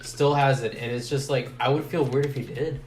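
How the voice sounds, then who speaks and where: A man in a casual podcast chat, speaking in a halting, reflective way with many restarts. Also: medium pitch, fairly even intonation, roomy sound, over music.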